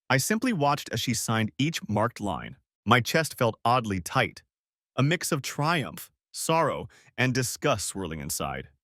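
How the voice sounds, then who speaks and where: A man reading a scripted first-person story, measured and cold in tone. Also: mid-range voice, fairly bright tone, no echo, clean studio sound. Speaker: story narrator.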